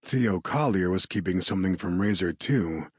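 A man reading a dark paranormal romance as an audiobook narrator, in a measured, steady storytelling delivery. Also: low-pitched, breathy edge, no room sound, clean studio sound.

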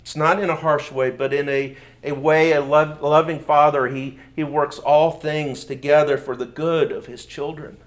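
A man's voice: a little high, fairly even intonation, moderate pace, hardly any pauses. A man preaching a sermon in an earnest manner, often repeating words as he goes. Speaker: pastor.

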